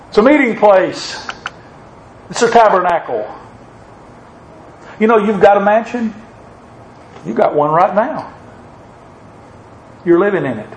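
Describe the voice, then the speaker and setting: A preacher with a notably high voice delivers his sermon in a rising, emphatic cadence. He quotes scripture and presses his points home. The sound carries the ring of a reverberant room. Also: a little hiss or hum.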